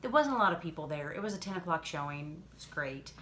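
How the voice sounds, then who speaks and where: A woman's voice: low-pitched, lively intonation, fast talker, a bit bright, a little hiss or hum. A woman co-hosting a casual podcast chat, talking in a rambling way and often correcting herself. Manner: chatty, rambling, self-correcting. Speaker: podcast co-host.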